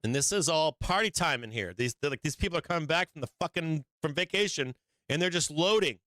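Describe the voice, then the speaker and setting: A man's voice: on the high side, animated, a little fast, pushed and bright, no echo. A man hosting a live stock market show, giving blunt and profane trading commentary with frequent emphatic swearing and laughs between points.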